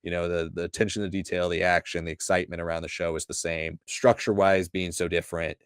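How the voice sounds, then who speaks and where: A man co-hosting a casual livestream chat, giving a brisk, organized rundown. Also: sits low, flat delivery, clear, resonant tone, dry recording, studio quality. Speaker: co-host.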